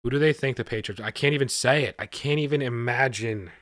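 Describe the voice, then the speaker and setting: A man hosting a live stream, reacting with excitement and talking to his chat, often repeating himself. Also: medium pitch, fairly quick, no room sound, clean studio sound. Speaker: livestream host reacting to a draft.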